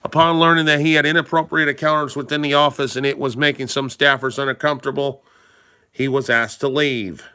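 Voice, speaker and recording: A man's voice: mid-range voice, steady tone, brisk, pushed and bright, smooth. A man giving casual, rambling commentary to his viewers, emphatic and full of rhetorical questions he puts straight to the audience. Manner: addresses viewers directly and informally. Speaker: political commentary vlogger. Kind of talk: casual talking-head commentary.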